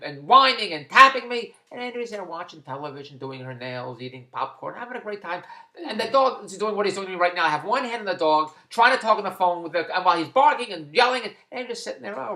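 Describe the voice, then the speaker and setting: A man rambling through a personal story in a chatty, digressive, excitable way, recorded in his kid's bedroom at home. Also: reverberant. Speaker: vlogger and TV producer. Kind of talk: rambling personal video blog. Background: dog squeaking a toy.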